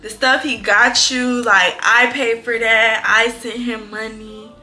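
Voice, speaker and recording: A young woman tells a story to her viewers in a bright, forceful voice that sits a little high. She talks in a lively, profane, exclamatory way. Faint music plays behind her. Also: takes it slowly. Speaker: vlogger. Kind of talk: casual storytime.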